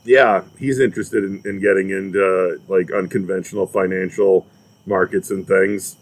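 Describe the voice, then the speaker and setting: A man with a somewhat low voice co-hosting a relaxed podcast. He trades dry, wry asides with his partner in an easygoing way. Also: moderate pace. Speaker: podcast co-host. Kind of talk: casual chat.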